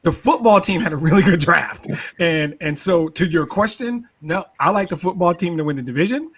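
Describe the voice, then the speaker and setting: A man with a somewhat high speaking voice breaks down a football draft in casual podcast talk. He gets animated, laughs often and stumbles over repeated words as he builds his case. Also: normal speed, husky. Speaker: sports talk show regular. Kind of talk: casual sports podcast chat.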